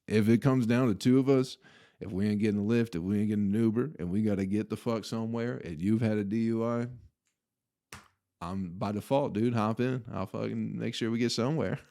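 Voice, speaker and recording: Low-voiced man telling a profane story. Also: brisk. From Flint, Michigan. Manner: profane, laughing, animated retelling. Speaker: podcast host. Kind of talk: casual storytelling monologue.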